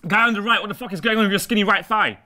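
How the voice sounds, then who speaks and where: Man, young, high lively voice, rapid talk, teasing football co-host. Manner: quick, playful, teasing. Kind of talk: casual football chat. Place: indoor studio seated on chairs.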